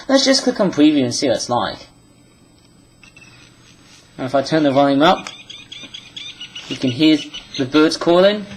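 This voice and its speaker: Man vlogger, rambling walkthrough, voice sits a bit high. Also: big pitch swings, a little slow, long pauses, a little hiss or hum, rough recording. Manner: rambling, with many restarts and apologies. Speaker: animation vlogger. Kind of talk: screen-recorded tutorial chat.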